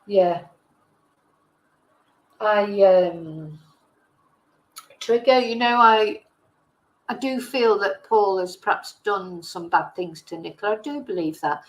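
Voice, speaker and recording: This livestream host, a middle-aged woman from England, speaks slowly in a mid-range voice and pauses often. She chats casually and reads out viewer comments in a rambling, hesitant way, full of fillers and self-corrections. The recording is low quality.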